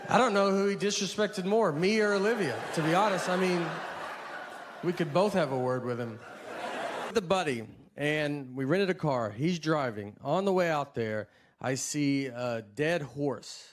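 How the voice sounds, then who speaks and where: Low-key rambling stand-up comedian, man. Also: lively intonation, a little slow, noisy background. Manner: low-key, rambling, self-deprecating delivery. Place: live comedy venue with audience.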